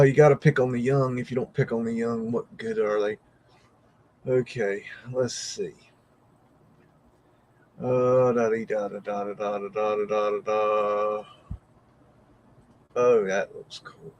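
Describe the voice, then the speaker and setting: A man's voice: mid-range voice, a little mellow, a little hiss or hum, low-quality recording. Awestruck man reacting live, cursing. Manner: exclamatory, frequent mild swearing, thinking aloud; rambling, easily amazed. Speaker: host of a live stream.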